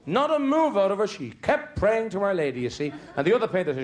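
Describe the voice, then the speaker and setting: A man's voice: high voice, sing-song, normal speed. A man with an Irish accent doing stand-up, telling chatty, rambling family stories with comic restarts. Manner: chatty, digressive, stumbling restarts for comic timing. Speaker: stand-up comedian. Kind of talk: stand-up storytelling.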